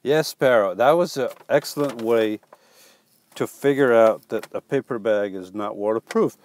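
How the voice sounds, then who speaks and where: A man's voice: medium pitch, normal speed, a little mellow. A man hosting a casual live stream, reading viewer comments aloud and joking back with playful teasing and stumbling restarts.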